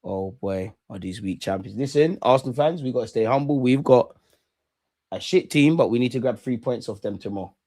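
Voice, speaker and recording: A man runs a live football watchalong, bantering and gloating in quick-fire slang. His voice sits at an ordinary, middle pitch. The sound is dry and close, with no echo at all. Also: dark tone.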